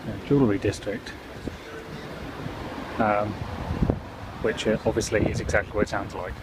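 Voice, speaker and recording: Young male vlogger, casual walking commentary, a bit low, noisy ambience behind. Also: level tone, normal speed. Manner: chatty, self-mocking, walking while filming. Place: indoors and city streets.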